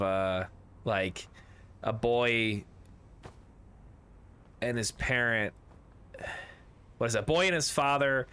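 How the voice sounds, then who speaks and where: A man's voice: on the low side, bright, forceful tone, clean tone. A man streaming a video game, chatting casually and rambling through jokes while reading chat aloud.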